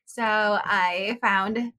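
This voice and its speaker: A woman's voice: medium pitch, steady tone, very slow, pushed and bright. A woman in her thirties co-hosting a podcast, telling a story in a giggly, filler-heavy casual way. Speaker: podcast co-host. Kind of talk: casual chat.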